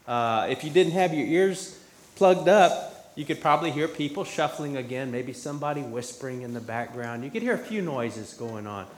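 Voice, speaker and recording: A man giving a children's sermon in church, questioning the children as he talks. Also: fairly high pitch. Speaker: pastor. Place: church sanctuary. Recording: echoey church with faint room noise.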